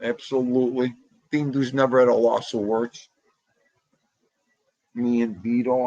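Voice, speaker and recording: A man hosts a casual livestream from home, talking loudly and greeting viewers by name. His voice is husky and unhurried. The sound is dry and a little dull. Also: medium pitch, no echo. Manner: animated, talks loudly, greets chatters by name. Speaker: livestream host. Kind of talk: casual livestream chat reading comments. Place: home room.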